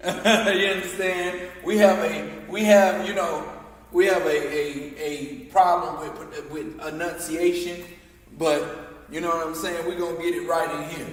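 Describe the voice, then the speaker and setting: Slow-drilling man teacher in echoey hall. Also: on the high side, fairly even intonation. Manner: slow, repetitive drilling of pronunciation. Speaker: language class teacher. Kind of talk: classroom teaching. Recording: echoey hall, far from the mic.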